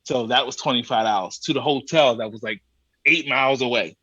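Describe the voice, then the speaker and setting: A husky, medium-pitched man speaks fairly quickly on a muffled, echo-free recording. As a podcast guest, he tells a comic travel story in a casual, colloquial, casually profane style, animatedly acting out exasperated exchanges with the people he encountered.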